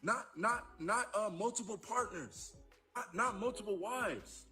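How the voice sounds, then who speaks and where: A man preaching fervently in a played clip, his high, bright voice tripping over repeated words. Faint music runs under him. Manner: fervent, halting repetitions. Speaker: athlete speaking in a clip. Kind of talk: impassioned preaching.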